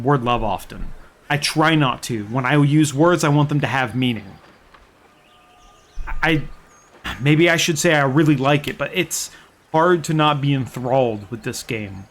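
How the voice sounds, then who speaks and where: A young man telling game stories in a casual, excited and profane way as a streamer. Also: on the high side. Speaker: gaming streamer. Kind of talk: casual chat.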